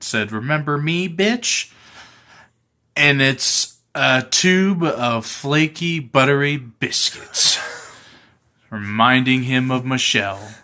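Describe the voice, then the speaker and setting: Slow guy rambling thru a goofy story, bright voice, lots of ums. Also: mid-range voice. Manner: slow, halting, frequent fillers and throat clearing. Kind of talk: improvised comic storytelling.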